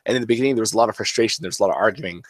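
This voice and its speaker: A man with a fairly low voice talking about fatherhood in an earnest, reflective way. He circles back and repeats his points, and his voice sounds close and dry with no room around it. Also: very fast, no echo. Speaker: podcast co-host. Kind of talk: casual chat.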